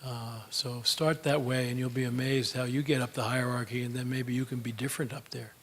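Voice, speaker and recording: An older man speaks in a relaxed, folksy way, telling stories to an audience and drifting through fillers as he goes. His voice sits at an ordinary middle pitch. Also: brisk, slight background noise. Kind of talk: motivational talk with Q&A.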